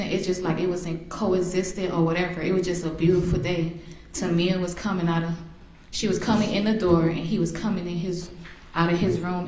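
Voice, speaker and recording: A woman's voice: fairly low pitch, warm tone, a little hiss or hum. A woman, the victim's mother, giving an emotional victim impact statement in a courtroom, telling memories and acting out remembered voices. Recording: echoey courtroom.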